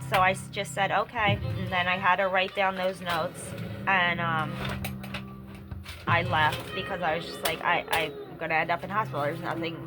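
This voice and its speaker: A woman's voice: on the low side, little pitch movement, normal speed, poor audio. A woman vlogging at home, venting in an upset, rambling way with many restarts, while a TV plays in the room. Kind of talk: personal vlog, venting. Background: TV dialogue and music playing in the room.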